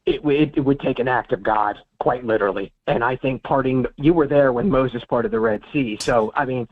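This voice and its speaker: A man's voice: mid-range voice, a little fast. A man co-hosting a casual sports talk show, ranting in a heated way with a lot of swearing. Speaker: podcast co-host. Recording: tinny phone-like call line.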